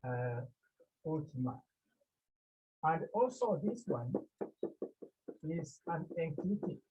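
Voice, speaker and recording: Teacher from Cameroon, male, slightly high voice, takes his time and quizzes the room; muffled phone-line sound. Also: husky. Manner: slow and deliberate, repeats terms and quizzes the class. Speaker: Greek teacher. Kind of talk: classroom lecture. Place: classroom. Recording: muffled phone-like classroom recording.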